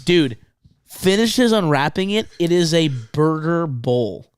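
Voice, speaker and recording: A man telling a tour story in casual podcast chat, excited, swearing often, repeating himself and laughing mid-sentence. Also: on the high side, slow, smooth.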